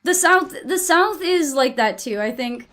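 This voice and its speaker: A young woman streamer with a high voice talks to her chat in a loose, rambling way. She is blunt and swears freely, often cutting herself off to restart a thought. She grew up on the US East Coast. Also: expressive, measured pace, a bit bright. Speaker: livestreamer. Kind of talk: casual chat to stream viewers.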